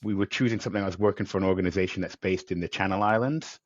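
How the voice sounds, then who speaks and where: A man's voice: low voice, racing, no echo, highs cut off. A male podcast host in a conversational interview, talking at length with enthusiasm and acting out quotes as he goes. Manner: enthusiastic, rambling, acts out quotes.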